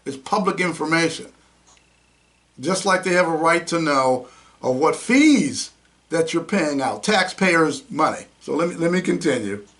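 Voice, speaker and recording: A man's voice: fairly high pitch, lively intonation, a little slow, a bit bright. A man hosting a talk show, ranting with indignant, mocking commentary. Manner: indignant, mocking, name-calling rants. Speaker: podcast host. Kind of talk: heated commentary.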